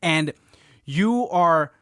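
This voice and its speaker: High-voiced joking man hosting a podcast. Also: lively intonation, a bit bright, dry recording, clean studio sound. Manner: joking, teasing, quick banter. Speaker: podcast host. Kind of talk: casual chat. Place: studio.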